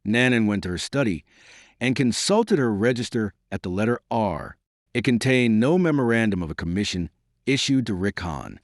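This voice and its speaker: Low, expressive male audiobook narrator. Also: no echo, clean studio sound. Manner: expressive, measured storytelling. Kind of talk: scripted narration.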